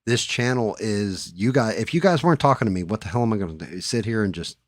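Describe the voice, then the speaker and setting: A man with a low voice talks fast and animatedly into a headset while painting at his hobby desk during a live stream. He chats casually, swears, and mutters to himself as he works. The recording is dry, with clean studio sound.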